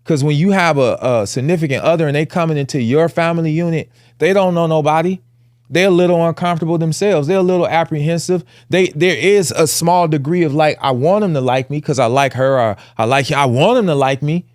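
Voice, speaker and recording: A man's voice: a little high, a little fast, a little mellow, dry recording, studio quality. A man in his forties, a podcast co-host, telling a personal family story in casual with earnest emphasis. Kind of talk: candid conversational storytelling.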